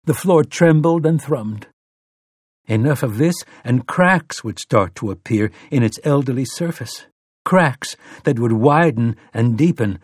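A man narrating an audiobook with steady, dramatic storytelling. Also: medium pitch, a little slow, dry recording, clean studio sound. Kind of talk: scripted narration.

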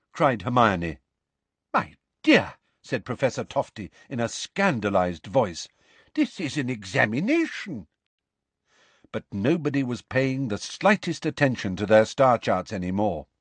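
A man narrating a storybook in an expressive, dramatic reading style. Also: medium pitch, no echo. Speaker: audiobook narrator.

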